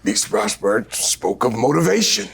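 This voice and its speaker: An older man, a veteran actor, telling stories in an interview in an unhurried, animated way with many fillers and a husky voice. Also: mid-range voice. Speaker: guest actor. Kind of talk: storytelling interview.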